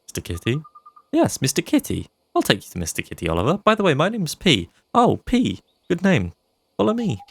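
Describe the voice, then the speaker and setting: Man doing a squeaky excited fairy girl. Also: fairly quick, gravelly, breathy edge, heavily acted. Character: small cheerful female fairy spirit, eager.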